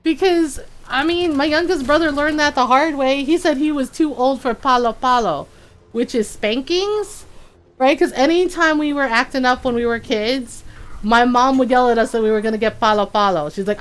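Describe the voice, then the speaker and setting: A woman streamer chatting casually while gaming, telling animated stories and laughing often. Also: high-pitched, moderate pace.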